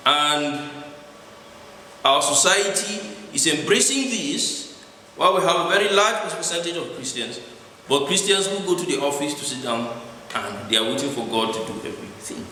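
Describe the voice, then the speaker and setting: A man's voice: on the high side, animated, moderate pace, bright, forceful tone. A man preaching a sermon in a church hall, checking in with his listeners after each point. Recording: echoey hall with long reverb, faint noise.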